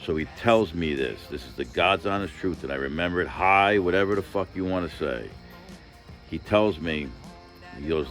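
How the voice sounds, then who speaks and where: A man with an extremely deep voice tells a personal story straight to his viewers. He rambles and swears freely and leans on filler phrases. He stays earnest and emphatic throughout, with soft music faintly behind him. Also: moderate pace, gravelly. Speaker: vlogger.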